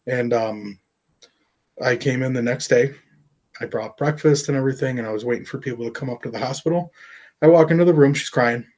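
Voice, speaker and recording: A middle-aged man speaks in an interview at an ordinary pitch, earnest and openly emotional. He pauses often and fills gaps with fillers as he recounts something painful. His delivery is plain and unscripted. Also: darkish tone. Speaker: artist and professor. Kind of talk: personal storytelling interview.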